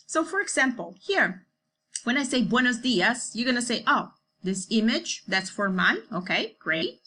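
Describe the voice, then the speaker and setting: A woman teaching a class in English, slowing down to model words and checking in with "okay?" after each point. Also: fairly high pitch, sharp tone, a little hiss or hum. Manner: repeats "okay?" often, slows down to model pronunciation. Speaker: Spanish teacher. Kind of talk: recorded class lecture.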